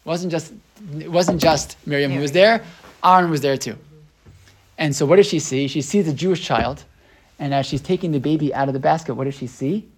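A man's voice: on the high side, fairly quick. An American man teaching a Torah class to a small group, asking rhetorical questions, often checking in with "right?", and thinking aloud with restarts.

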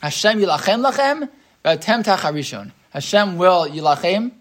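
A woman's voice: lowish voice, moderate pace. A woman teaching an interactive Torah class, telling stories and putting questions to the group. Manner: lively, storytelling, asks the group questions.

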